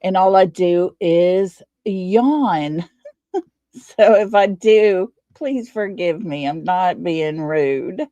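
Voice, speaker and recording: Slow, gravelly Texan woman hosting a livestream. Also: lowish voice, dark tone, no room sound, muffled recording. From Texas. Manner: folksy, greets chat viewers by name. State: tired, low on energy. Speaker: livestream host. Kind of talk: casual live-stream chat.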